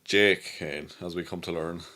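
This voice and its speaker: A man co-hosting a live stream, chiming in with quick, dry remarks. His voice is very low and sits a little back from the mic. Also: fairly even intonation, bright, forceful tone. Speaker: co-host.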